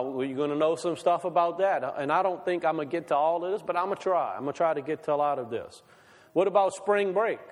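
Pastor guy preaching casual, keeps asking the crowd stuff, kinda high voice, big hall echo. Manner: conversational, asks the congregation many questions. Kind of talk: sermon.

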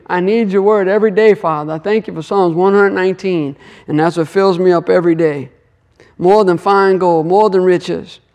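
This Torah teacher, a man with a high voice and a darkish tone, gives an earnest devotional teaching on scripture. He repeats phrases and prays aloud.

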